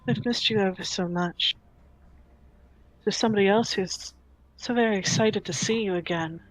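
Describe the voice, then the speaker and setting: A woman voicing a hushed, sweetly menacing noblewoman. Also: medium pitch, moderate pace, dry recording, close to an everyday voice, poor audio. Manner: soft, hushed and honeyed. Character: elegant, eerie young noblewoman, sweetly menacing.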